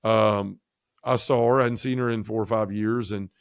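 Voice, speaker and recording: A man's voice: moderate pace, clean tone, no room sound, clean studio sound. A man telling his life story as a podcast guest, acting out quoted dialogue and poking fun at himself, with lots of "you know" and "like". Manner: animated, acts out quoted dialogue with jumps in pitch; self-mocking humor, many fillers like "you know" and "like". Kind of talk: casual storytelling.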